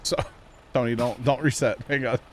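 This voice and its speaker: A man's voice: mid-range voice, fairly even intonation, moderate pace, a little hiss or hum. A man hosting a gameplay livestream, chatting and joking with viewers and teammates. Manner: chatty, jokey, talks to viewers. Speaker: livestream host. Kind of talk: casual gameplay chat.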